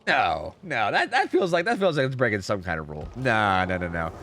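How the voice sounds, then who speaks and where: A man's voice: on the low side, a little fast, a little hiss or hum. A man hosting a live game stream, chatting casually and explaining match rules with lots of fillers. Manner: animated, rambling, full of fillers.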